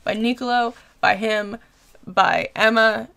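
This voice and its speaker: Woman, 20s, reaction vlogger, heavy vocal fry, chatty and animated. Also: fairly high pitch, takes it slowly. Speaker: reaction video host. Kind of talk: casual episode recap and review.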